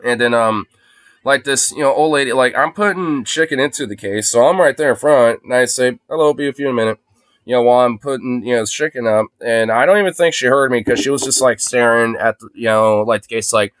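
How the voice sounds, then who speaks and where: A man's voice: medium pitch, fairly quick, a bit bright, no echo. A man chatting casually on a phone livestream, rambling and swearing freely, with lots of fillers. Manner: rambling, profane, heavy use of fillers.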